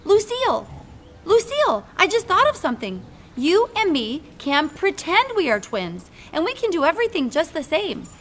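A woman doing a squeaky bossy little girl. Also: big pitch swings, brisk, heavily acted. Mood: excited. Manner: loud, squeaky, emphatic. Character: bossy excitable little girl, about five.

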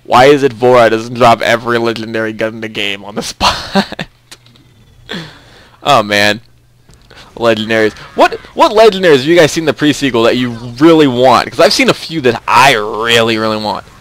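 A man's voice: medium pitch, lively intonation, moderate pace, fairly bright tone, no echo. A young man hosting a casual game commentary, chatty and rambling, often repeating himself. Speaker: let's play host.

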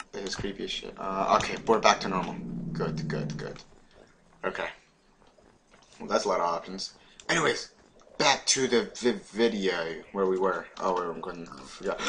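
Excitable young man narrating Minecraft. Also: deep voice, moderate pace, creaky, long pauses, a little hiss or hum. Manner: excitable, swears and sing-songs repeated words. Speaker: gaming YouTuber. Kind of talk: Minecraft let's play commentary.

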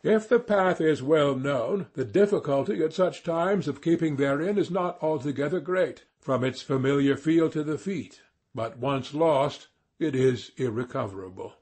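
A man narrating a classic novel aloud as an audiobook reader, in a measured way. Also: a little high, darkish tone, slightly rough. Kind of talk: scripted narration.

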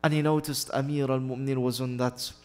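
A man's voice: medium pitch, level tone, a little fast, big-room sound. A man preaching a mournful sermon, telling a sad story with Arabic phrases mixed in. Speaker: guest preacher. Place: mosque or community hall.

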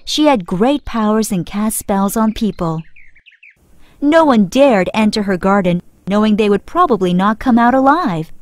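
A woman telling a children's fairy tale in clear, expressive, measured scripted narration. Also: mid-range voice, no room sound.

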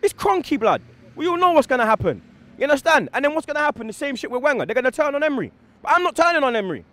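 Young guy going off about his team, high voice, bouncing all over, slangy and loud. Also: very animated. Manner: fast, emphatic, slang-heavy, repeats "blood" and "yeah". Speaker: football fan giving post-match reaction. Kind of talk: heated post-match fan rant.

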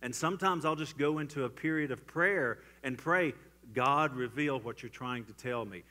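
A man preaching a church sermon, swinging from loud emphatic lines to hushed, quiet ones. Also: mid-range voice, moderate pace. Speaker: pastor. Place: church sanctuary.

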